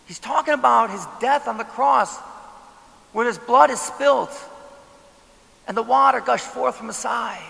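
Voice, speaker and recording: A man's voice: very high-pitched, creaky, fairly bright tone, long reverb tail. A man preaching a sermon as pastor, talking conversationally and putting rhetorical questions to the congregation.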